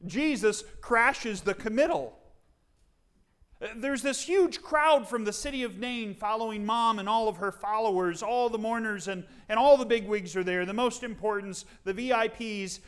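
A man preaching a sermon as pastor, dramatic and full of rhetorical questions, leaning on slow, emphatic pauses. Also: sits high, a bit bright, smooth.

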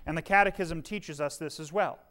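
A man's voice: fairly high pitch, a little fast, sharp tone. A middle-aged male pastor preaching a sermon, earnest, with dry humorous asides and shifting volume.

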